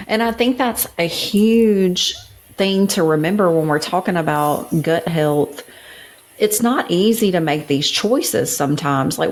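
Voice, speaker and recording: Middle-aged female co-host, low voice, sincere and reflective conversational read. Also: a little hiss or hum, poor audio. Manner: earnest, heartfelt, reflective. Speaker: podcast co-host. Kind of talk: casual chat.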